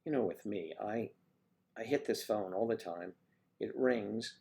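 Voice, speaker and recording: A man's voice: fairly low pitch, measured pace, creaky, dark tone. A man hosting a casual livestream, rambling and chatting with viewers by name as he reads the chat. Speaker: livestream host reading chat.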